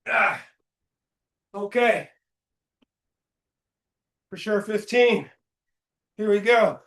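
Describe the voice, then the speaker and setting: A man's voice: high-pitched, a bit bright. A male fitness coach leading a live workout, counting reps aloud between short chatty asides, straining from the effort. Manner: slow, deliberate counting while exercising, with brief chatty asides. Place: indoor gym studio. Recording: echoey gym room.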